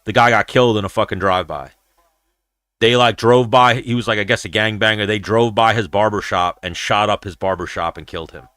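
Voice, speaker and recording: A man hosting a casual livestream chat who tells stories in a profane, animated way and acts out his own quoted lines. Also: lowish voice, a little fast, dry recording. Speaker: show host.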